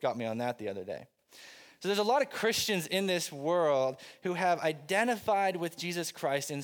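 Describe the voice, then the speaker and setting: A middle-aged pastor preaching a sermon, telling funny personal stories in a loose, conversational way before turning earnest. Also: male voice, fairly high pitch. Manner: conversational storytelling, self-deprecating humor. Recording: long reverb of a large hall.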